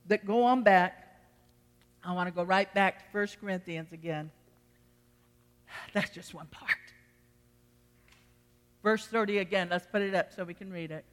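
A woman's voice: mid-range voice, unhurried, pauses often. A middle-aged woman pastor preaching a sermon, emphatic and acting out the voices she quotes. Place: church sanctuary. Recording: long reverb of a church hall.

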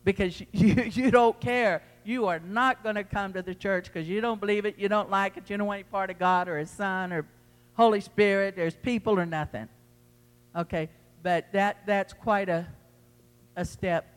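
In a church sanctuary with long hall reverb, a man preaches to the congregation in a high, clean-toned voice. He's emphatic and keeps repeating his phrases.

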